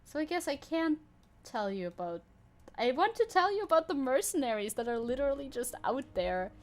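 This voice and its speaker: A woman's voice: sits high, big pitch swings, fairly quick. A woman streamer giving casual gameplay commentary, chatty and giggly, thinking aloud. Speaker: VTuber streamer.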